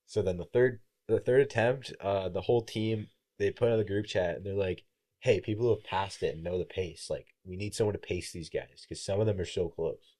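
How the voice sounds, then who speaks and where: A young man with a very low, mellow voice, spinning a casual story on a podcast. He acts out other people's lines as he goes and swears freely. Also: a little fast. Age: young adult. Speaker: podcast guest, college baseball player.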